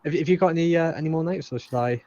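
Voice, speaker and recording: A man with a slightly higher voice chats casually on a podcast, recorded dry with no room sound. He often stammers, repeating words before he gets going. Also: rapid-fire, mellow, no room sound, highs cut off. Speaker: podcast co-host.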